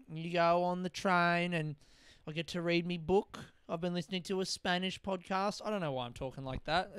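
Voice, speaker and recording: A young man talks through a casual solo podcast, wandering off track, swearing freely and mocking himself. His voice sits a little high and comes across smooth and clear. The sound is close and dry, with no room around it. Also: fairly bright tone, no echo. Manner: rambling, self-deprecating, swears often. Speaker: podcast host.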